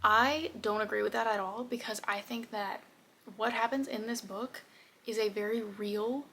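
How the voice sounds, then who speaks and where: A woman's voice: medium pitch, fairly even intonation, normal speed, pushed and bright, a little hiss or hum. A young woman talking casually in a reading vlog, emotional and often dropping to a whisper. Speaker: book vlogger.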